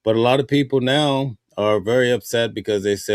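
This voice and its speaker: A man's voice: mid-range voice, fairly quick, hardly any pauses, no room sound, studio quality. A man hosting a live news stream, talking casually with viewers and reading their comments. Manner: conversational, reads viewer comments aloud.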